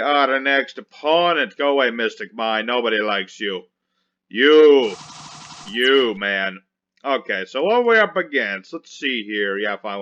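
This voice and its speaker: Wry, chatty man with a bright voice. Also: on the high side, highs cut off. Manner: chatty, wry, grumbles sarcastically at opponents. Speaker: gameplay commentator. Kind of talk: casual card-game play commentary.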